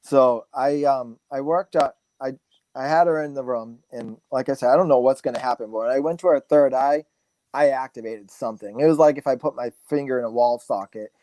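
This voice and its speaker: A man in his forties, a guest speaker, telling stories in a relaxed, rambling way full of fillers and restarts. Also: mid-range voice, brisk, no echo. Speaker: guest speaker, massage therapist. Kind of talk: casual storytelling interview.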